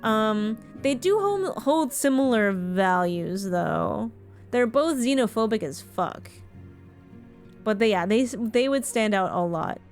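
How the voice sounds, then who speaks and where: A woman's voice: fairly high pitch, lively intonation, slow pace, smooth, faint music behind. A woman from Ontario in Canada, chatting frankly and casually with her viewers while she streams a game, swearing now and then. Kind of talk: casual live-stream chat while gaming.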